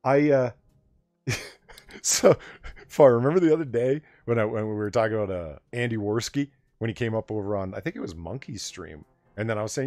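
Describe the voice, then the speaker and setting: A man hosting a late-night casual chat stream, an animated storyteller who swears freely. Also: lowish voice, brisk, dry recording. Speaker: stream host.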